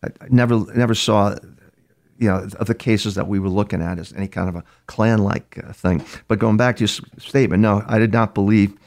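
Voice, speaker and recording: A man's voice: on the low side, steady tone, fairly quick, vocal fry, darkish tone. An older man, a criminal profiler, telling long anecdotes in an interview, with frequent restarts. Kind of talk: interview storytelling.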